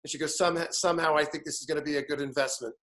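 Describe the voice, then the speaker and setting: Man, fifties, guest, animated storyteller, fairly high pitch. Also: very fast. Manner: animated, acts out voices in his anecdotes. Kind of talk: casual storytelling chat.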